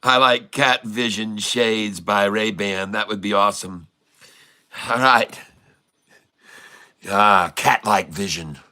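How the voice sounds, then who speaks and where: A man's voice: fairly low pitch, takes it slowly, long pauses, pushed and bright. A middle-aged man hosting a casual livestream, cracking puns and laughing often. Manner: jokey and pun-loving, laughs often. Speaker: livestream host.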